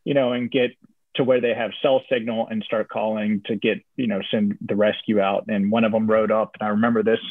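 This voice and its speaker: A young man from Virginia telling a personal story in a casual interview, relaxed, with many fillers and restarts. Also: lowish voice, a little fast, no echo. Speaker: interview guest. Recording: tinny phone-like audio, dry.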